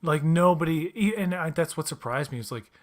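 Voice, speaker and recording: Man, slightly high voice, swearing storyteller, casual podcast chat. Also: fairly quick. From Newfoundland, Canada. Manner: animated, profane storytelling with mimicked quotes. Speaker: podcast co-host.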